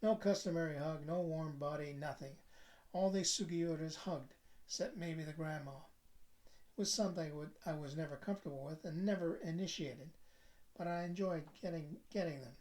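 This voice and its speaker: Man, author reading his novel, measured, reflective narration. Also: a little high, darkish tone. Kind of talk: book reading.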